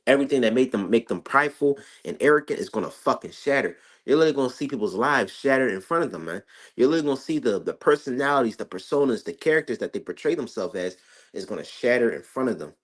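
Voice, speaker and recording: A man's voice: mid-range voice, animated, quick pace. A man giving an informal Bible commentary, emphatic and swearing freely, stumbling through repeated restarts. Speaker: street preacher.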